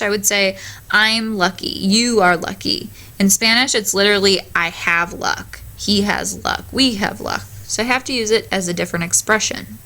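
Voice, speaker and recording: A woman's voice: fairly high pitch, sharp tone. A woman teacher explaining Spanish verb conjugation in a recorded lesson, patiently modelling each word.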